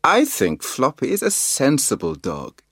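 A man's voice: medium pitch, huge pitch swings, unhurried, a bit bright, breathy edge, dry recording, studio quality, voice pushed up, heavily acted. A man reading a storybook aloud, voicing a sensible, upbeat young boy in a lightly raised voice.

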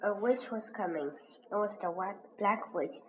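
A woman slowly reading a children's reader aloud as a lesson, pronouncing each word with care. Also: medium pitch. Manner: slow, careful, clearly pronounced. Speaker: reading teacher. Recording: dull lo-fi recording with faint hiss.

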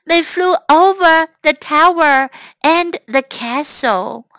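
A woman teacher reading a children's story aloud in two languages, clear and expressive. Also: high-pitched, slow pace, no room sound. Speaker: English teacher.

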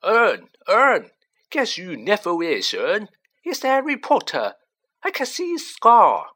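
Male reader voicing a loud, high, gleeful young bus conductor; eager and brash. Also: huge pitch swings, moderate pace, heavily acted. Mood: excited.

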